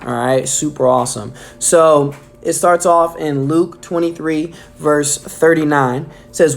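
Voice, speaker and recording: A man's voice: fairly high pitch, unhurried, gravelly. A man delivering a casual weekly devotional message, enthusiastic and filling his talk with "man" and "um". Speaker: preacher.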